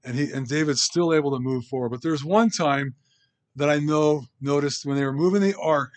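A man's voice: on the high side, fairly quick. Man teaching a casual Bible study. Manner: informal, asks the group rhetorical questions; reads scripture aloud between comments.

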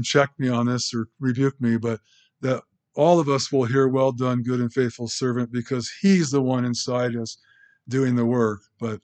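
In a church, a pastor delivers a sermon in a conversational, halting manner full of restarts and asides. His voice is medium in pitch.

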